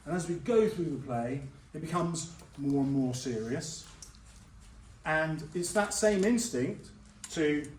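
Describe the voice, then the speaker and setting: A high-voiced man gives a spirited revision lecture in a school hall, jumping into playful voices for the characters. He sounds a little distant from the mic, with a roomy echo and faint background noise. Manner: lively, jokey, acts out characters. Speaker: English teacher.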